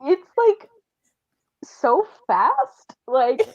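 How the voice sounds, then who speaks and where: Book club co-host, woman, higher voice, bubbly and loose, close dry sound. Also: extremely slow, dry recording, highs cut off. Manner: animated, laughing, many "like" fillers. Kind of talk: casual book discussion.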